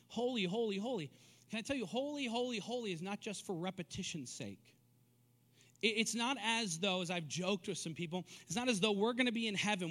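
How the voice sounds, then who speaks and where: Man preaching with a high voice. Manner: repeats words when building emphasis, rising to forceful declarations. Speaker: pastor. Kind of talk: sermon. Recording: long reverb of a hall.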